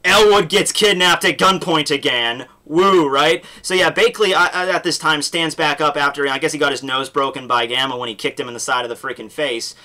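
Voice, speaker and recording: A man's voice: mid-range voice, steady tone, fast talker, hardly any pauses, sharp tone. A young man casually recapping a manga chapter, rambling with lots of fillers and restarts. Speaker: manga reviewer.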